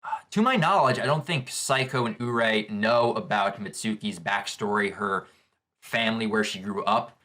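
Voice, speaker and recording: Casting: male reaction vlogger with a bright, forward tone, describing comic pages aloud. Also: lowish voice, normal speed. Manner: eager, describes panels as he reads. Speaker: manga reaction channel host. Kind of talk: live manga reading reaction.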